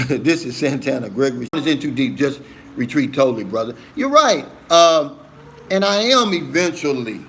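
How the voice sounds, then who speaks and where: A man's voice: mid-range voice, lively intonation, moderate pace, fairly bright tone, slight background noise. A middle-aged man hosting a casual live stream, reading viewer comments aloud and answering them in an earnest, emphatic way, often calling viewers "man" and "brother".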